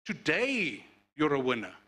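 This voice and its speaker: Loving mother with tears in her eyes, voiced by a man, tender and bright. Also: fairly high pitch, wildly swooping pitch, measured pace, voice pushed down, exaggerated voice. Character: teary loving mother comforting her boy.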